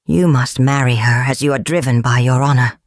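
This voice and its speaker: A woman's voice: rumbling low, fairly even intonation, a little fast, no echo, studio quality, pitched below the performer's own voice. A woman voicing a stern, insistent male magistrate in a storybook. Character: stern male magistrate, protective older brother.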